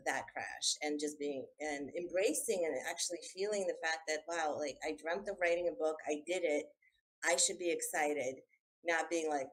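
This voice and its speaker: A woman hosting a podcast interview, talking in an animated, self-interrupting way and laughing often. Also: low voice, normal speed, poor audio. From immigrant, schooled in English by her father. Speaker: podcast host. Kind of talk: casual interview chat.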